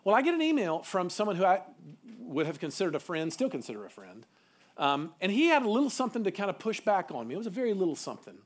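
A man's voice: sits high, huge pitch swings, quick pace. A man teaching a seminar to youth ministry workers, asking the room questions and adding folksy asides.

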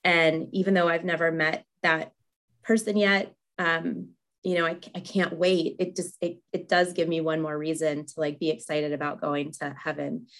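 A woman's voice: sits low, level tone, moderate pace, fairly bright tone. A young woman hosting a faith-based podcast, talking candidly with many fillers and frequent laughs. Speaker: podcast host. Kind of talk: faith-based casual chat.

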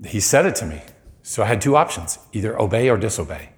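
A man preaching, telling a personal story with lively acted-out quotes. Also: on the low side, fast talker. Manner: animated storyteller, acts out quoted lines. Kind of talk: sermon storytelling.

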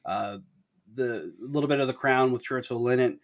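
Animated, self-deprecating podcast host man. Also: mid-range voice, moderate pace. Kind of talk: casual chat.

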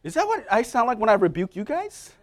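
Preaching in a church, a middle-aged man with a high voice and wildly swooping pitch tells personal stories. His delivery is conversational and self-deprecating, peppered with quick asides to the congregation.

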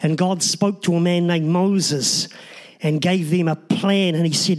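A man's voice: high-pitched, fairly even intonation, unhurried. A man, a pastor, preaching a sermon in an earnest, emphatic way with short repeated phrases.

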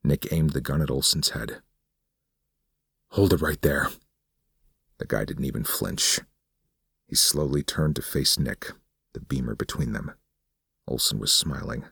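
A man reading a horror story aloud in a steady, measured narration. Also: extremely low pitch, creaky, slightly rough, no echo, clean studio sound.

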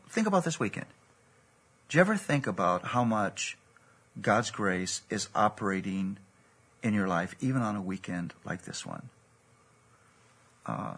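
A man with a low, gravelly voice preaches, recounting a story from his own life. His tone is husky and earnest, and he acts out the dialogue as he goes. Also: fairly bright tone. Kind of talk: sermon storytelling.

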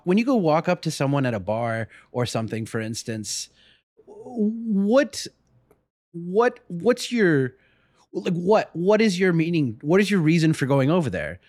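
A man's voice: fairly high pitch, a little mellow, no echo, studio quality. A man hosting a podcast, asking questions and reassuring his guest in a thoughtful, hesitant way. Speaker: podcast host. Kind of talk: casual podcast chat.

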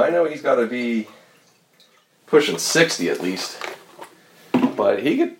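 Casual male vlogger, rambling and loose, mid-pitched voice, clear background noise. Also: big pitch swings, measured pace, long pauses. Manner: rambling, swears casually, talks to viewers. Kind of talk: casual chat while driving and running errands. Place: in a car and parking lot.

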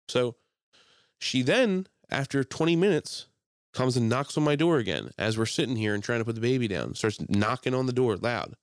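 A young man co-hosting a podcast, telling a heated story in casual chat, animated and full of swearing. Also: mid-range voice, moderate pace, smooth, dry recording, studio quality. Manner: animated, profane ranting. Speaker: podcast co-host.

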